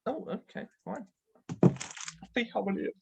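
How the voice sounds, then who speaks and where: A man hosting a casual interview over a video call, unhurried and easygoing. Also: very high-pitched, creaky, dull audio, slight background noise. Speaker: host.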